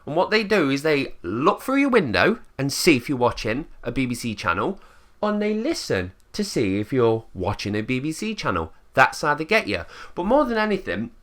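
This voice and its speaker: A man's voice: medium pitch, sing-song, moderate pace, a bit bright. A man with an English accent ranting bluntly in a casual monologue, swearing freely and acting out quotes in put-on voices. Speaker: channel host.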